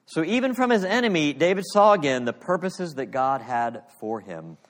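A male pastor delivering an earnest sermon, reading scripture with dramatic pauses. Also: fairly high pitch, very animated, big-room sound.

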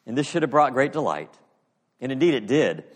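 A male pastor delivering an earnest sermon, reading scripture with dramatic pauses. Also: medium pitch, big pitch swings, long reverb tail.

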